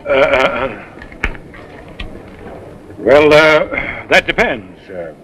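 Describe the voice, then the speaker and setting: An actor playing an aging, smooth-talking con man and father in a 1930s film comedy, flowery and stammering with many uhs. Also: mid-range voice, big pitch swings, very slow, bright, forceful tone, slight background noise, exaggerated voice, rough recording. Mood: hemming evasive.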